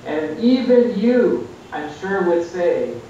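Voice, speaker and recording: An earnest man preaches over a video call, his voice pitched in a middle range and rising now and then for emphasis. He sounds far from the mic in a very echoey room. The audio is dull and muffled, with a faint rumble underneath. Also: very animated, slow, mellow. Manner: earnest, exhorting, with rises for emphasis.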